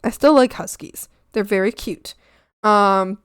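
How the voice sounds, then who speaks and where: A woman's voice: mid-range voice, a little slow, smooth, no room sound, studio quality. A young woman chatting casually on her art stream, gushing and giggly, sliding into baby talk. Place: home streaming setup.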